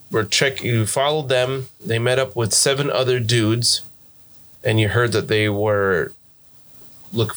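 An American man narrating and running a tabletop role-playing game as game master, chatty and quick to laugh. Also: on the low side, fairly bright tone. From United States.

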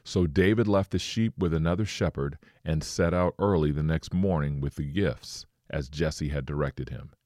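A man preaching a sermon, reading scripture and slowing to stress his points. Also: rumbling low, darkish tone, no echo, studio quality.

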